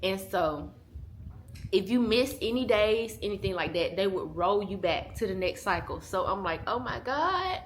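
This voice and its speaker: A woman's voice: mid-range voice, normal speed, a little hiss or hum. A woman in her twenties, a mother vlogging in casual chat to camera, candid and chatty, laughing often and talking straight to her viewers. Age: 20s. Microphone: small handheld camera.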